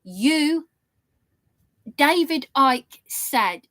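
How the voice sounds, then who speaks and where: A woman's voice: fairly high pitch, animated, measured pace, fairly bright tone. A woman vlogger telling an aggrieved story to her viewers in an indignant, rambling way. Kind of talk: aggrieved monologue to camera.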